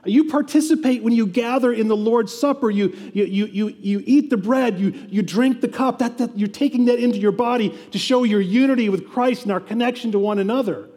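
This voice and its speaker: A man's voice: very high-pitched, fairly quick, few pauses, mellow, husky, big-room sound. A man preaching a sermon as pastor, conversational, with asides and frequent restarts.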